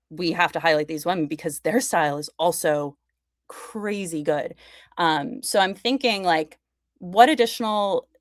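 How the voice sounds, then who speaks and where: A woman's voice: low-pitched, no echo, clean studio sound. A young woman guest on a podcast, chatting eagerly about her work, with lots of likes and you-knows. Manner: enthusiastic, chatty, many fillers. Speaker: podcast guest, fashion content creator. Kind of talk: casual conversation.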